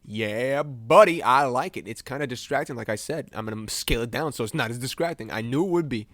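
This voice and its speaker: A man's voice: medium pitch, fast, a bit bright, dry recording. A young American man chatting casually while he edits images live for a stream, rambling, joking at himself and laughing often. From United States.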